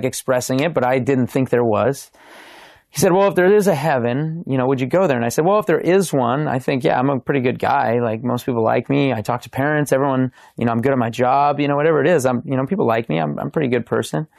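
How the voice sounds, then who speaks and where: A young man, a podcast guest, telling his faith testimony in a casual, animated way, acting out the lines of the people in his story. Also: mid-range voice, vocal fry, no echo, studio quality. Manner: animated, acts out quoted dialogue.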